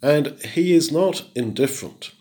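A man's voice: on the high side, lively intonation, a little slow, a little mellow. A middle-aged man teaching through a Bible passage in a conversational way, rising sharply on the words he stresses. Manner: conversational, with emphatic rises on key words. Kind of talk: expository Bible talk.

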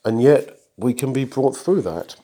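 A man preaching a sermon in an earnest, measured way, reading long scripture passages aloud and explaining them. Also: medium pitch, lively intonation, warm tone, breathy edge.

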